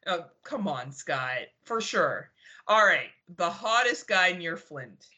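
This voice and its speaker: A woman's voice: lowish voice, expressive, slow, bright, forceful tone. A woman co-hosting a podcast in casual chat, laughing often and swearing freely. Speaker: podcast co-host.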